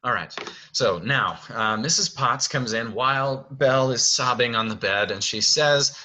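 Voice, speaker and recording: A man's voice: medium pitch, measured pace, pushed and bright. A man directing a show, explaining stage blocking in a friendly way and thinking aloud. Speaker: theater director.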